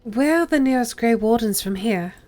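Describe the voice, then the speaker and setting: A polite, earnest game heroine , voiced by a woman in a put-on posh British accent. Her voice sits fairly high and her delivery is measured and formal. Faint game music runs underneath. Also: expressive, a little mellow, close to an everyday voice.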